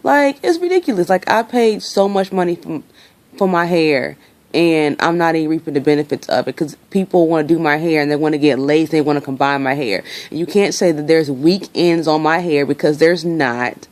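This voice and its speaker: A woman's voice: deep voice, normal speed, a little mellow. A young woman venting her frustration in a casual vlog, talking freely and swearing. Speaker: vlogger.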